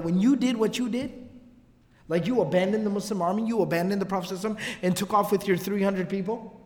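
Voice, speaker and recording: A man giving a casual religious lecture, telling the story in an animated way with slangy asides. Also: sits high, fast. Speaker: religious teacher. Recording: long hall reverb.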